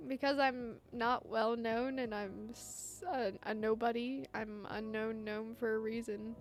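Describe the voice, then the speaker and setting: High, slow bubbly woman streamer. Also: little pitch movement, soft background music. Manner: bubbly and giggly, easily flustered. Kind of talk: live game playthrough, reading lines aloud.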